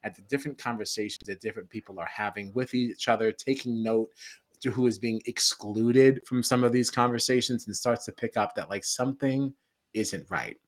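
A man's voice: medium pitch, a little fast. A man co-hosting a podcast, animatedly recapping a reality show in casual chat, often laughing and acting out what people do. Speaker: podcast co-host.

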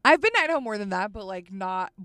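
A young woman co-hosting a podcast in casual chat, chatty and quick to laugh as she prompts her friend. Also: medium pitch, very animated, fairly bright tone, clear, resonant tone, no room sound, clean studio sound. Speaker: podcast co-host.

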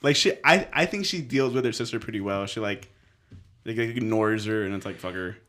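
A man's voice: on the low side, brisk. A man co-hosting a podcast, telling stories in casual chat with lots of laughter and swearing. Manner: animated storyteller, frequent laughs, lively swearing. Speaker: podcast co-host.

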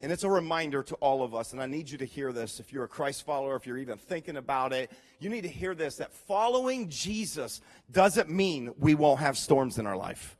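A man preaching a sermon to his congregation, swinging from quiet, earnest passages to loud, dramatic storytelling and direct appeals. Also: medium pitch, lively intonation, fairly quick, hardly any pauses. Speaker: pastor.

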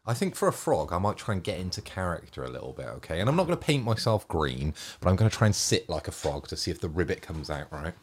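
A man's voice: sits low, big pitch swings, fast talker, hardly any pauses, breathy edge. A man co-hosting a gaming podcast, talking in a playful, teasing way. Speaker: podcast co-host. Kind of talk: casual gaming podcast chat.

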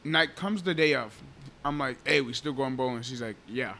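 A young man in his twenties co-hosts a podcast with a bright, forceful voice. He tells stories with lively back-and-forth, often saying "bro." A faint hum of room noise sits behind him. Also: medium pitch, normal speed. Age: 20s. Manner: animated storytelling, laughing, says "bro" often. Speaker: podcast co-host. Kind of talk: casual podcast chat.

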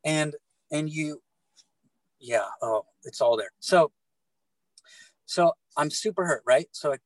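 A middle-aged man telling his faith story in casual talk, animated and halting, often repeating words and restarting. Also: a little high, no room sound, poor audio. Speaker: guest telling his testimony.

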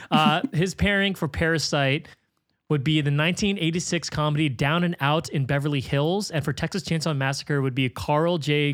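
A man's voice: on the high side, no room sound, clean studio sound. A man hosting a film podcast, chatting casually and reading out listener emails, upbeat and laughing often. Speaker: podcast host.

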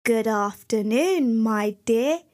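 A woman voicing a sly, scheming male wolf who speaks slowly and smoothly. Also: on the high side, animated, darkish tone. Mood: coaxing.

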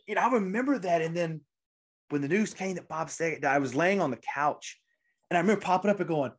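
A man's voice: fairly high pitch, expressive, fairly quick. A man in his twenties, a podcast host, telling a rambling, emotional story in casual chat, with many restarts. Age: 20s.

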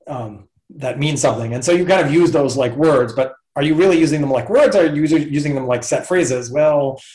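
A professor, appearing as a guest in a casual interview, explains ideas thoughtfully and step by step in a mid-range voice with a darkish tone. The recording has a roomy echo.

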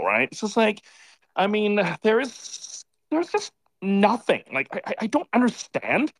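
Rambling, lively-voiced man calling in. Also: high voice, normal speed, dry recording. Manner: rambling, lots of filler words, exasperated. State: a bit tipsy from beer. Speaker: caller. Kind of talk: casual live audio chat. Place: in a bar.

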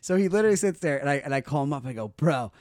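A woman's voice: deep voice, rapid-fire, no room sound, clean studio sound. A woman co-hosting a podcast, chatting casually and telling a story with lots of acted-out quotes and casual swearing. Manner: animated storyteller who acts out friends' quoted lines, swears freely. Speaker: podcast co-host. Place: podcast studio.

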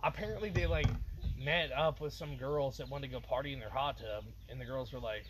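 A man's voice: mid-range voice, a little fast, a little hiss or hum, rough recording. A young man telling wild stories to friends in casual chat, swearing often and saying "dude" constantly. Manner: animated storyteller, swears a lot, says "dude" constantly. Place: outdoors, windy spot.

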